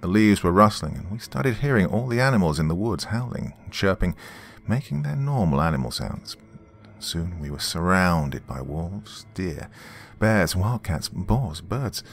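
A man narrating a horror story in a measured, dramatic way, with a gravelly voice. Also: low voice, very animated, soft background music.

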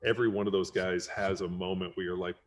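A man with a very low voice, hosting a relaxed podcast chat. He rambles, restarts his sentences and pads his thoughts with fillers as he thinks aloud. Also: quick pace. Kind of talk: casual chat.

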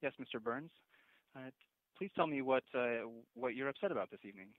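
A man's voice: medium pitch, animated, fairly quick. A man managing a restaurant takes a complaint by phone, polite but stammering and flustered. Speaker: restaurant service director. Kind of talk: phone call with a customer. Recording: tinny phone line.

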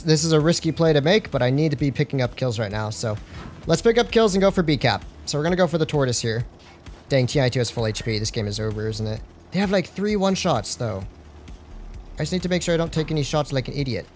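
A young man doing live gameplay commentary on a stream, excitable and slangy, joking and talking to his chat. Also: fairly high pitch.

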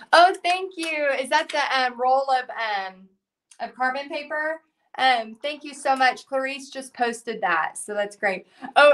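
A woman's voice: on the high side, fairly bright tone. A middle-aged woman, chatting in a bubbly way as she runs a live painting lesson and reads out viewer comments. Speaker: painting instructor. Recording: voice a bit distant from mic.

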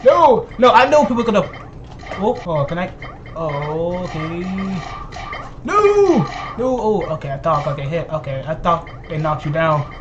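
A man hosting his gaming channel, giving excited gameplay commentary full of laughter and teasing trash talk. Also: on the high side, brisk, highs cut off, noisy background.

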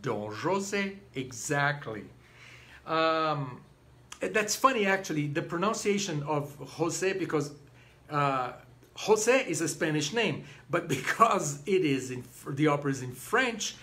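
A man's voice: fairly high pitch, unhurried. A man giving an informal lecture on an opera, acting out the characters and humming bits of arias. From Brazil. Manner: animated, acts out characters, hums snatches of arias.

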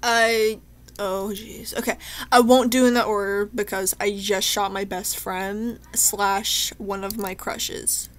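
A woman's voice: mid-range voice, flat delivery, slow. A young woman commentating her own gameplay, talking to herself in a chatty, emotional way and shaken to the point of tears. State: tearful, shaken. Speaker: gameplay streamer. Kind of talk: let's play commentary.

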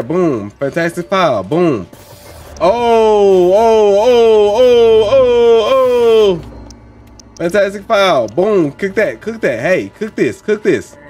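A man's voice: fairly high pitch, a little mellow. A young man hosting a let's play, repeating phrases in rhythmic bursts as he plays along. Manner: repeats lines in chanting bursts, talks along with the game. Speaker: gaming channel host.

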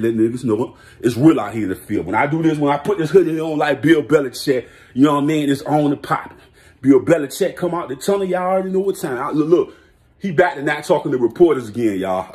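An excitable man delivering a sports hot-take rant, boastful and full of street slang. His voice sits high for a man and leaps around the scale as he gets worked up, and he laughs often between his claims. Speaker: vlogger.

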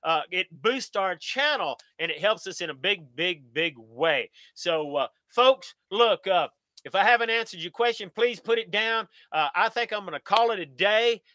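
A man's voice: sits high, expressive, moderate pace, bright, forceful tone, dry recording. A middle-aged American man, hosting a live Q&A stream in a folksy, upbeat way, talking straight to his viewers. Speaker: channel host.

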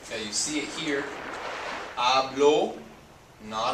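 A man's voice: mid-range voice, slow. Patient male teacher, roomy and distant. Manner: patient, repeats and spells out words. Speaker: Spanish teacher. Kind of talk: explanatory lesson. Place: outdoors at a beach. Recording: roomy, distant mic with loud noise.

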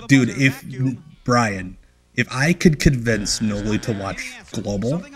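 A man's voice: mid-range voice, expressive, very slow. Joking man riffing on old wrestling. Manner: rambling, joking asides, frequent restarts. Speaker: stream host riffing on old wrestling shows. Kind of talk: casual commentary chat.

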